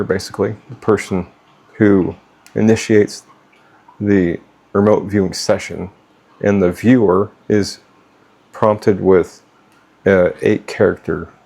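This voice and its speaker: A man's voice: deep voice, creaky, a little mellow, husky. A middle-aged man giving blunt, profane life advice off the cuff, stumbling and restarting as he talks. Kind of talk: unscripted talk to camera.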